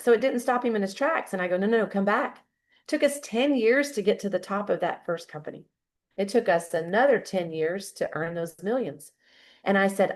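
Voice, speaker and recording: A woman in her fifties, a guest speaker giving a fired-up motivational talk full of storytelling. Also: mid-range voice.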